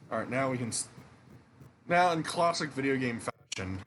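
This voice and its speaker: A young man chatting through a game, rambling and a bit self-deprecating, at an everyday middle pitch. A faint hum lies under the voice. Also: animated, moderate pace, long pauses, a bit bright. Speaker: let's play host. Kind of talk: casual gameplay commentary.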